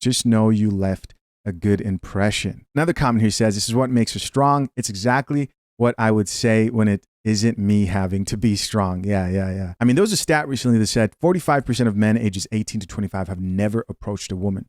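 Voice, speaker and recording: A man's voice: lowish voice, brisk, a little mellow, no echo. A man in a dry, close-sounding room delivers casual, opinionated commentary on a clip. He talks straight to his viewers and reads their comments aloud between his takes. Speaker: reaction video host. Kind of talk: casual commentary reacting to clips.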